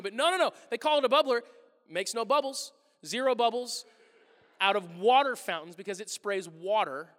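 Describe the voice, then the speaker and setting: A pastor preaching a sermon, telling stories with lively acted-out exchanges and loud bursts. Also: male voice, extremely high pitch, normal speed, pauses often. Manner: animated storytelling, acting out exchanges with loud bursts. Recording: long reverb of a large hall.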